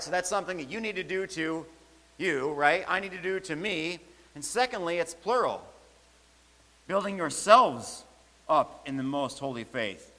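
Male preacher, bright forceful tone, emphatic repetition, long church reverb. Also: sits high. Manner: emphatic, repeats key phrases. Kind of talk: sermon.

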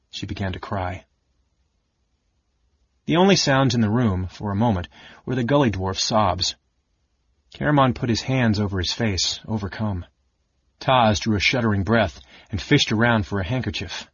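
A man narrating a fantasy audiobook with a steady, expressive reading. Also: on the low side, normal speed, slightly rough, no room sound, lo-fi sound. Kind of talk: scripted narration.

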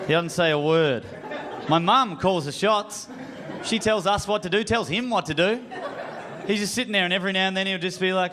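A young Australian man with an Australian accent doing an animated, self-mocking stand-up routine on a comedy club stage. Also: high-pitched, brisk, background noise. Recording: live club with crowd laughter.

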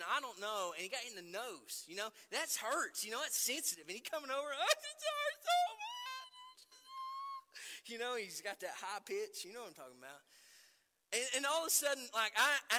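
A middle-aged man preaching in a church sanctuary, his voice sharp and cutting and sitting a little high. He tells stories against himself with lively energy. Long reverb trails each phrase around the hall. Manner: animated, self-deprecating storytelling. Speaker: pastor. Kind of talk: sermon.

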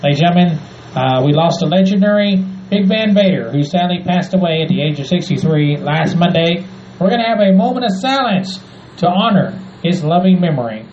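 A man hosting a casual wrestling recap podcast, saying "ladies and gentlemen" often, with many "uh" fillers. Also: high-pitched, lively intonation, fairly quick. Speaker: podcast host. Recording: echoey muffled room, faint noise.

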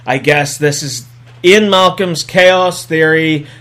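A man's voice: fairly high pitch, slow pace, a bit bright. A man voicing a flustered female park manager who hesitates and stammers. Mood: dithering.

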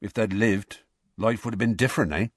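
A man reading an audiobook, voicing a huge, gruff, gloomy half-giant who talks slowly and broods. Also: on the low side, dry recording, studio quality, close to an everyday voice. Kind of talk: audiobook character voice.

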